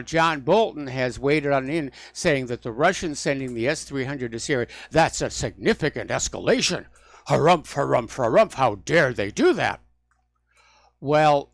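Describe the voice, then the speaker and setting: A man's voice: on the high side, no room sound. A man hosting a call-in radio talk show, delivering opinionated, mocking rants.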